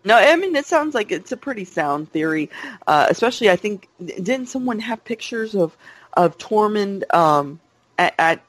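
A man co-hosting a podcast, talking about a TV trailer in an animated, playful, fan-like way. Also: high-pitched, moderate pace, no room sound. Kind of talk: casual chat about a TV trailer.

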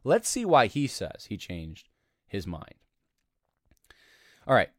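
Animated man commenting on an article. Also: on the low side, takes it slowly, no room sound, clean studio sound. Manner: animated, argumentative, laughs between points. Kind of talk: reading and critiquing an article aloud.

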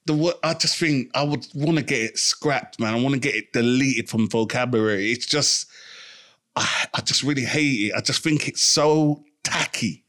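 A man's voice: medium pitch, moderate pace, a bit bright. A man co-hosts a casual podcast chat. He argues his point emphatically, repeating phrases and restarting his sentences as he goes. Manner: emphatic, repeats himself, stumbles over words. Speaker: podcast co-host.

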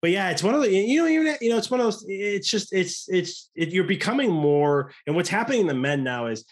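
American guy in his 30s, earnest, kinda rambly, voice a bit high. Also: animated, brisk. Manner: rambling, earnest, many restarts. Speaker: podcast guest. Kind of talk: casual conversation.

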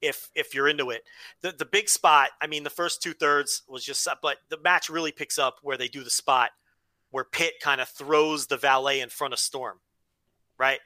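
A man co-hosting a podcast in rambling, animated casual chat, with frequent restarts and swearing. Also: fairly high pitch, moderate pace, no room sound. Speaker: podcast co-host.

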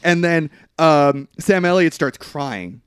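A man co-hosting a podcast, casually recapping a movie plot with lively quoted lines and frequent laughs. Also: a little high, slow, clean tone, dry recording, clean studio sound. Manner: animated storytelling, quotes characters in put-on voices, laughs often. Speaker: podcast co-host.

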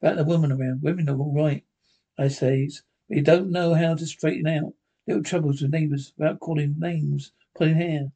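A man's voice: on the high side, fairly even intonation, brisk, creaky, warm tone, slightly rough. A man playing a nosy, pushy off-duty cop neighbor, in folksy 1930s radio acting. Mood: blustering. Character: nosy Irish beat cop neighbor, blustery.

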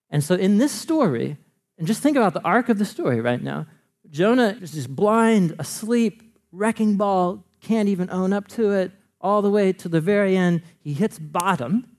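A man with a fairly high voice delivers a sermon in a casual, conversational tone. He keeps it animated, swooping up and down and breaking into laughs often. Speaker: pastor.

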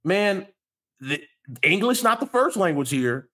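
A young adult man co-hosting a casual podcast, animated, laughing often and acting out the people he quotes. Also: sits high, a little slow. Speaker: podcast co-host. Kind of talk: casual chat.

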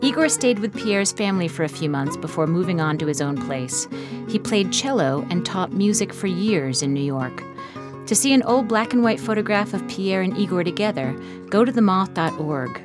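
A woman hosting a radio show, reading scripted links in a clear, composed way. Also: on the low side, lively intonation, normal speed. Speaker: radio host. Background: guitar music.

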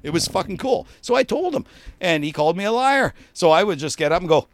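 A man's voice: sits high, fairly quick. A middle-aged Canadian man swearing constantly as he tells stories in a casual podcast chat. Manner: swears constantly, animated storytelling. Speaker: podcast co-host.

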